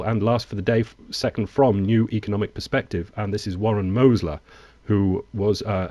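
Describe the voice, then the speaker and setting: A man with a very low voice comments on economic news in a wry, digressive way. He alternates between reading from articles and adding his own asides. The sound is dry and close. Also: darkish tone, dry recording.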